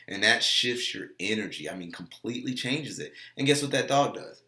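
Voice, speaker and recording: A man's voice: lowish voice, brisk, hardly any pauses, sharp tone, reverberant. A man giving a casual, earnest motivational talk, repeating phrases and acting out bits of dialogue. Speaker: motivational vlogger and dog trainer.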